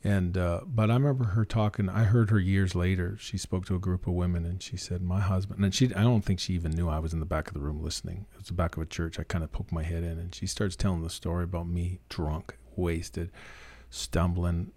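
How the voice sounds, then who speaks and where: A middle-aged Canadian preacher, telling his own story with earnest emphasis and now and then acting out what others said. His voice sits low, with a gravelly, crackling edge and a dark, mellow colour. He sounds dry and close, with no room around him. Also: steady tone, quick pace, hardly any pauses, dry recording. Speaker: guest, preacher. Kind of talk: casual interview storytelling.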